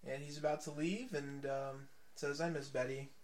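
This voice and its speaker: A man co-hosting a podcast, casually retelling a comic and a joke in a relaxed way. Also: fairly high pitch, moderate pace. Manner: relaxed storyteller, tells jokes. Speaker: podcast co-host. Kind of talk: casual comic book chat.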